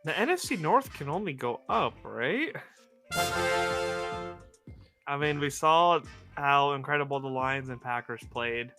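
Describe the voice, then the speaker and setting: A young man co-hosting a casual sports podcast, animated and groaning for comic effect. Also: a little high, moderate pace, music in the background. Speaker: podcast co-host.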